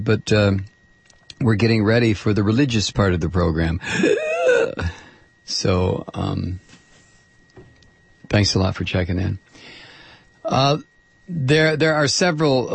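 Talk radio host, male, husky voice, dry studio sound, loose rambling delivery. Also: lowish voice, no echo. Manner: rambling, many restarts and fillers. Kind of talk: casual call-in radio talk.

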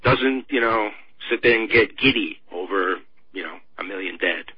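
A man talking politics in casual chat, sarcastic and mocking, with a husky voice. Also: on the low side, normal speed, a little hiss or hum. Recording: dull lo-fi radio sound.

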